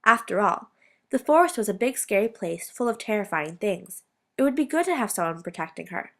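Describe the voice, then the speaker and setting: A woman reading a fairy tale aloud as narrator, in a steady read-aloud way. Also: mid-range voice, fairly quick. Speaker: student reader.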